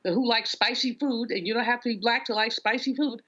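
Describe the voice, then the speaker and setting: A woman's voice: on the high side, fairly even intonation, fairly quick, fairly bright tone. Blunt woman panelist, lo-fi feed. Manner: wry, blunt, conversational. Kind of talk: political panel commentary.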